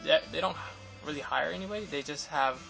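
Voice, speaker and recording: In a Los Angeles-area vlog, a young man with a fairly high, gravelly voice speaks fairly quickly as he rambles about interviewing photographers. His telling is full of fillers and restarts. Music plays in the background of the low-quality recording.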